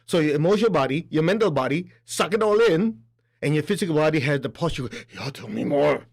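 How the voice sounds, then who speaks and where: Lively high-voiced man lecturing. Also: fast talker. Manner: animated, acts out quoted voices. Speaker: spiritual teacher. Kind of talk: spoken lecture.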